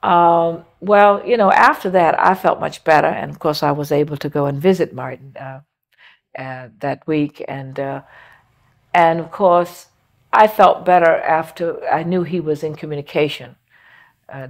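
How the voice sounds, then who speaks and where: Older woman telling a story slow, lots of uhs, low voice with some fry. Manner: unhurried and reflective, with many pauses and fillers. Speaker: interviewee recounting a personal memory. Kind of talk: oral history interview.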